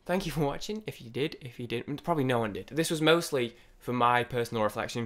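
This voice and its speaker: A young man giving rambling, excitable off-the-cuff first impressions of an album, with many restarts and some swearing. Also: medium pitch, fast, hardly any pauses. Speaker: music reviewer.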